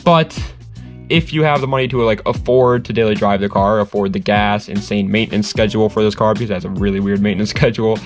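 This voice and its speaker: A man's voice: on the low side, quick pace, faint music behind. A young man hosting his own car channel, giving a casual, rambling review and often correcting himself mid-sentence. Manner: rambling, laid-back, self-correcting, laughs often.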